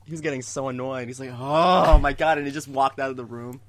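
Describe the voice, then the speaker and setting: A man co-hosting a casual podcast chat, excitable and quick to laugh, getting flustered and apologizing while he searches for his notes. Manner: excitable, laughs often, jumps into high mock voices when quoting. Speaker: podcast co-host.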